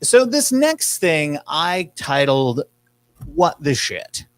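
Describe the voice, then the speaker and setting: A man's voice: on the high side, very animated, takes it slowly, dry recording. A man hosting a podcast, riffing sarcastically on news clips in casual chat. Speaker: podcast host.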